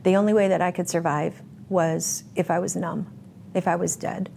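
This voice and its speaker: A woman's voice: on the low side, flat delivery, moderate pace, vocal fry, mellow, slight background noise. A woman giving a candid interview, telling her story bluntly and vividly. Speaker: interview guest.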